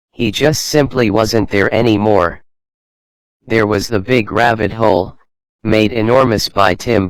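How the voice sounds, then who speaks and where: A man narrating a children's adventure storybook in a slow, even reading manner. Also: on the low side, no room sound, poor audio.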